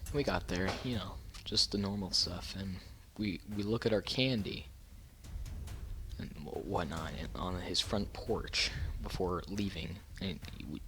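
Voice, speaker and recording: A man telling a story casually on his channel, with a low voice. He rambles, restarting sentences and filling gaps with fillers. His tone is bright and forceful. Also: a little slow, a little hiss or hum. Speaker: YouTuber.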